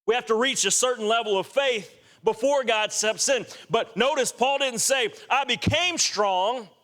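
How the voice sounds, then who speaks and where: Earnest high-voiced preacher. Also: male voice, moderate pace, a bit bright. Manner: earnest, rising to emphatic exhortation. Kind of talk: sermon.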